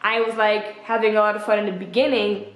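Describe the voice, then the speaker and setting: A young adult woman chatting casually as a vlogger, animated and expressive as she retells things. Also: fast talker. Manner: chatty and animated, acts out quotes with pitch jumps. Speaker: vlogger reviewing a film. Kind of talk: casual chat. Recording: echoey room.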